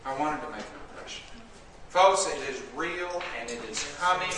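A man preaching a fervent sermon, swinging from loud declaiming to low, intense warnings. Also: normal speed. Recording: echoey room, far from the mic, noisy.

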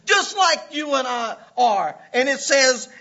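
A man preaching a sermon with passion, often breaking into shouts and laughs. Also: extremely high pitch, sing-song, slow. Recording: dull lo-fi recording.

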